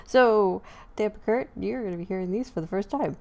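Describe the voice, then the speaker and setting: A woman's voice: mid-range voice, a little fast, creaky, warm tone. A woman hosting a casual live online chat, talking loosely with fillers and frequent laughs. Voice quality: chatty, laughing, many fillers. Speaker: host.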